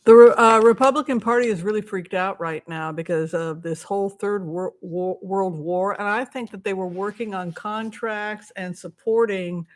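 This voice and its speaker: A woman's voice: medium pitch, moderate pace, hardly any pauses. A woman hosting a casual live stream as a tarot reader, chatting in a rambling way with many asides while she answers viewers' questions and thanks donors.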